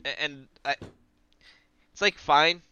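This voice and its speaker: A man's voice: a little high, takes it slowly, sharp tone, smooth, no room sound, dull audio. A man co-hosting a casual podcast, rambling and wisecracking as he reacts, swearing freely. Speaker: podcast co-host. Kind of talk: casual chat watching wrestling.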